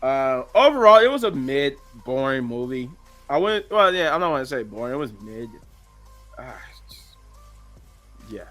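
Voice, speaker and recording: A man's voice: medium pitch, very animated, normal speed, pauses often, fairly bright tone, soft background music. A man casually reviewing a movie on his channel, rambling with lots of restarts and offhand slang.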